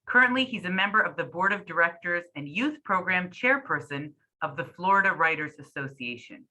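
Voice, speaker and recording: Female host, low-pitched and very bright, reading a welcoming intro. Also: a little fast, poor audio. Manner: formal, welcoming. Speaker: event host.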